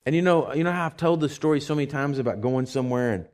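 A man's voice: mid-range voice, fast talker, darkish tone. A man who is a pastor, preaching a conversational sermon in a church, with rising bursts of energy.

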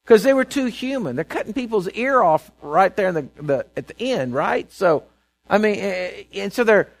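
Preaching as a pastor, this man has a high, expressive, gravelly voice and a moderate pace. He narrates the story in a relaxed, chatty way, stumbling over restarts and frequently asking "right?" and "okay?".

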